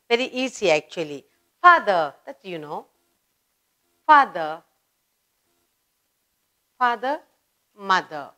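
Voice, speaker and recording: A woman with an Indian English accent teaches children basic grammar, drawing each word out at a very slow, deliberate pace. Her voice sits at a middling pitch, and she repeats key words with heavy emphasis, as if guiding a young class. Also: big pitch swings, pushed and bright.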